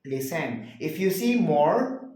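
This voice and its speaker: A man's voice: a little high, big pitch swings, takes it slowly, darkish tone. Male tutor, patient question-and-answer drilling; roomy echo. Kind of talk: one-on-one grammar lesson. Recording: very echoey room.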